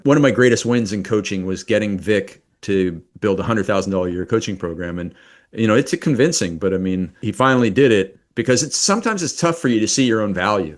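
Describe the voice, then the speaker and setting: A man leading a live online coaching workshop, talking in a quick, energetic and enthusiastic way. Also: on the low side.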